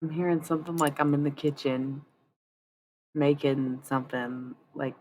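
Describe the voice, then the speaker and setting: A woman's voice: sits low, fairly even intonation, moderate pace, a little mellow, a little hiss or hum. A woman chatting casually on a live stream, rambling and candid, swearing freely. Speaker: livestreamer.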